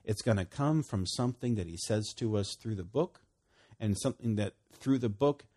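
A man preaching a conversational sermon, swinging between loud emphasis and hushed, quiet lines, with frequent laughs. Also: fairly low pitch, moderate pace, husky.

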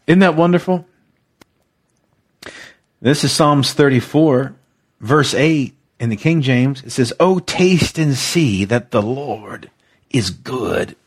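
A man with a husky voice preaches slowly and deliberately, with a lively, swooping pitch. He is exuberant and emotional, and he leads his listeners in call-and-response repetition. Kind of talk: devotional teaching, podcast-style.

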